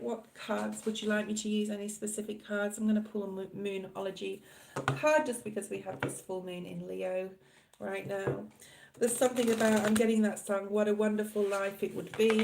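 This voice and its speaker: A woman's voice: medium pitch, gravelly, a little mellow, roomy sound, slight background noise. A middle-aged Australian woman giving a live tarot reading, chatting and rambling casually to her viewers. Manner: chatty, rambling, laughs often, addresses viewers by name. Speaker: tarot reader.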